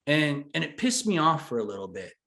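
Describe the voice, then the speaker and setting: A man in his forties, a guest telling his story in an animated, casual way. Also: fairly high pitch, a little fast, vocal fry. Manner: animated, swears then apologizes. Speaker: interview guest, brand founder.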